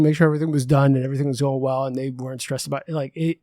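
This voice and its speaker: A man's voice: mid-range voice, fairly even intonation, rapid-fire, few pauses, warm tone, no room sound, clean studio sound. A man hosting a casual podcast, upbeat and encouraging, laughing often. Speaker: podcast host.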